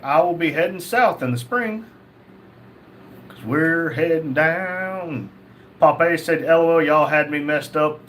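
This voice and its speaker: A man's voice: on the high side, a little hiss or hum. Chatty male livestream host reading comments. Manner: jokey, laughs often, reads messages in a flat quoting tone. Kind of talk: casual chat, reading viewer comments aloud.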